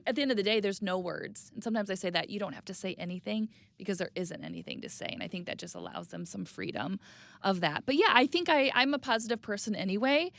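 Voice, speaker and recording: A woman in her thirties speaking candidly and reflectively as an interview guest, sometimes dropping to a soft, quiet voice. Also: big pitch swings, quick pace, vocal fry, no echo. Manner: reflective, plainspoken, drops to a soft low voice on hard news.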